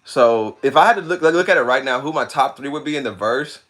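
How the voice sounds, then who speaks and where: A man's voice: mid-range voice, fast talker. A man streaming, chatting casually with his chat in slangy talk, repeating himself and often cracking up. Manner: animated, slangy, repeats himself, breaks into laughter. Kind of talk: casual livestream chat reading comments.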